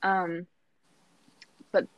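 A woman's voice: extremely slow, no echo. Laughing, chatty young woman, dry lo-fi sound. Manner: chatty, laughs often, lots of "like" and "um". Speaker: guest. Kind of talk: casual personal storytelling. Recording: slightly dull lo-fi sound.

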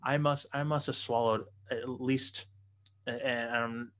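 A man's voice: mid-range voice, fairly even intonation, slow pace, a bit bright. A man telling a raunchy personal story in a casual podcast chat, profane and loose, laughing as he goes.

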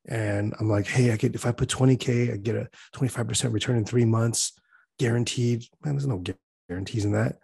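Husky man chatting casually. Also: medium pitch, fairly even intonation, a little fast, mellow, no room sound. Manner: rambling, filler-heavy, laughing. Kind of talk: casual chat.

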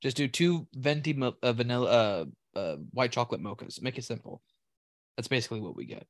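A man in casual chat who rambles through a story, swearing freely and tripping over his own restarts. His voice sits at a middle pitch. The recording is dry and close. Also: brisk, no room sound. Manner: rambling, profane, restarts often.

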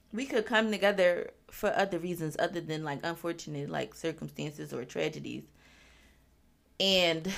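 A woman's voice: deep voice, creaky. A woman in her twenties hosting a podcast, talking candidly and casually about family, swearing freely and using many fillers. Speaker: podcast host. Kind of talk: personal reflective monologue.

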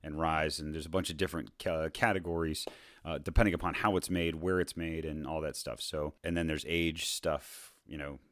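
A very deep-voiced man leads a relaxed whiskey tasting, talking through each step with plenty of "uh" and "so" and restarting his sentences. The sound is dry and close, with no room around it. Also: normal speed, no echo. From United States. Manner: explains at length with many fillers and restarts. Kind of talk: casual podcast chat.

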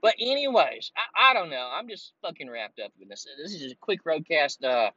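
Guy ranting and cussing in his car for his podcast, sharp voice, dull lo-fi sound. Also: a little high, sing-song, a little fast, breathy edge, no room sound. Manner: profane, heated, rambling rant. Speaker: podcast host. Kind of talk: ranting solo podcast recorded while driving. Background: air conditioner running.

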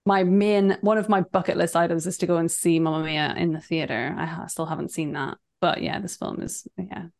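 A woman with a slightly low voice co-hosts a movie podcast. She talks in a relaxed, agreeable way, chatting casually about films and her streaming. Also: a little fast, creaky. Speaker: podcast co-host. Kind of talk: casual chat.

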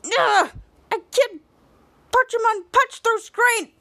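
A woman's voice: very high voice, slow, pushed and bright, voice pushed up, heavily acted. A woman voicing a hot-headed young male superhero who whines in frustration. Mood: exasperated. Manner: whiny, exasperated.

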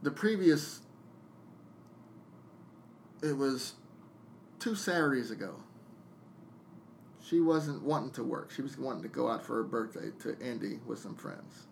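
A man's voice: mid-range voice, a little slow, vocal fry, pauses often, slight background noise. Blunt, profane man venting on a podcast. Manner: venting, blunt and profane, jumping into quoted dialogue. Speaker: podcast guest, DJ. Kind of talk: casual storytelling chat.

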